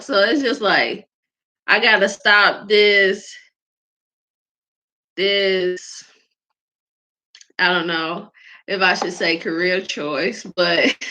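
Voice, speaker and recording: A woman hosts a faith podcast in a casual, candid style, laughing often and using lots of fillers. Her medium-pitched voice sounds pushed and bright, and the recording is dull and lo-fi.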